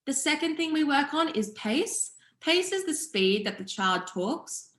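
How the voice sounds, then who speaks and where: A young woman teaching public speaking online, explaining each skill in a clear, steady way. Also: high-pitched, a little slow. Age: young adult. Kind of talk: online seminar presentation. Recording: echoey room.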